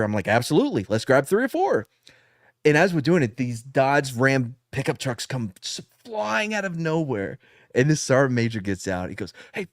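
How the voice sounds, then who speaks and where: A man in the middle of a rambling story, his pitch swinging up and down as he puts on other people's voices and laughs at his own punchlines. His voice is recorded close and dry, with no room sound. He swears freely and keeps the tone loose and conversational. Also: no echo. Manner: animated storyteller, acts out voices, laughs often. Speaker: podcast co-host, veteran. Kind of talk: casual storytelling with profanity.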